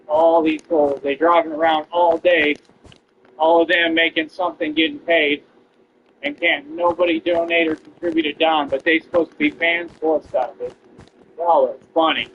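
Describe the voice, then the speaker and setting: Streaming a game, a confrontational, boastful man from Texas rants at his viewers at a moderate pace, his voice fairly high. Dull lo-fi audio carries slight background noise.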